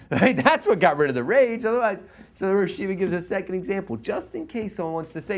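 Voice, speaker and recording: A man from the US East Coast teaching through a story. His pitch swings widely from low to high as he acts out scenes. He laughs often and pulls the listener into the story. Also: expressive, fairly quick. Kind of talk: storytelling lecture.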